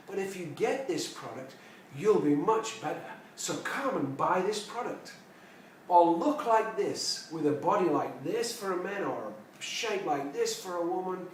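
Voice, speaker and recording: Male motivational speaker, fairly high voice, storytelling talk, booming echo, set back from the mic. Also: recorded from a distance, slight background noise. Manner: storytelling, emphatic repetitions. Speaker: personal development speaker. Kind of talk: reflective spoken talk to camera.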